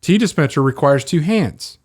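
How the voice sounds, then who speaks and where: Animated man telling stories. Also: fairly high pitch, moderate pace, husky, no room sound, studio quality. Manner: animated storyteller, laughs a lot. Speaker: podcast co-host. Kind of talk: casual chat.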